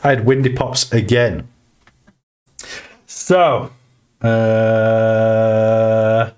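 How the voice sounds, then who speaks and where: A man hosting a casual crypto livestream, reading the chat and talking through charts with bursts of excitement. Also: lowish voice, drawn-out words, pauses often. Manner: excitable, swings between chart talk and shout-outs to chat.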